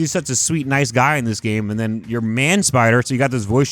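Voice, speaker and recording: A man's voice: fairly high pitch, animated, a little fast, a bit bright, no room sound. A young man hosting a casual video-game review, emphatic and swearing freely. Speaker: gaming video host.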